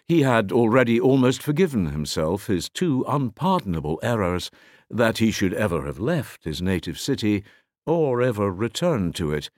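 A man narrating a classic novel in a measured, expressive reading. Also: lowish voice, no echo, clean studio sound. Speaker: audiobook narrator. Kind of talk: scripted narration.

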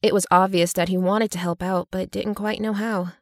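A woman narrating an audiobook in an even, steady storytelling manner. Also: mid-range voice, moderate pace, no echo, clean studio sound.

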